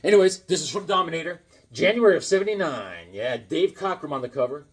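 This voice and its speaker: A middle-aged man chatting casually as he shows off his comic books, telling stories in a lively way and laughing often. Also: a little high, a little fast, slightly rough. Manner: animated storyteller, laughs often, acts out voices. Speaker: comic book collector vlogger. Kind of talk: casual chat showing comics.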